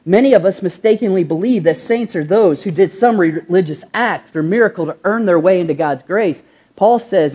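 A woman's voice: on the low side, moderate pace, warm tone, breathy edge. A woman pastor preaching a sermon, asking the congregation rhetorical questions, drawing out key words and acting out everyday quotes. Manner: acts out quoted voices in an everyday tone.

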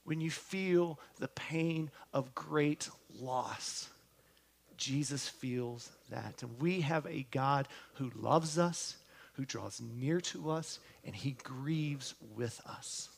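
A man preaching a sermon, talking earnestly and straight to his congregation, often asking them questions, his voice sinking to a hush on tender lines and lifting again on words of hope. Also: mid-range voice, takes it slowly, gravelly. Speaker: pastor.

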